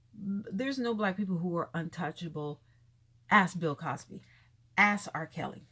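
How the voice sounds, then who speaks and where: A woman's voice: mid-range voice, fairly bright tone. A woman vlogging her blunt, exasperated commentary on celebrity gossip, repeating herself as she talks.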